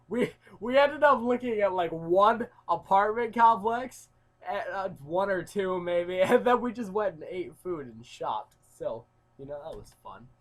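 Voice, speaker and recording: A young YouTuber with a voice on the high side tells a rambling story in a casual vlog. His speech is full of fillers and swings between loud outbursts and mumbled asides.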